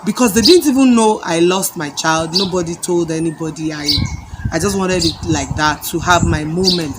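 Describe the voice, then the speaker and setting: A woman's voice: on the low side, normal speed. A middle-aged woman preacher sharing a testimony and praying, fervent and repeating her phrases. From Nigeria. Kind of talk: testimony and prayer. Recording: loud background noise with birdsong.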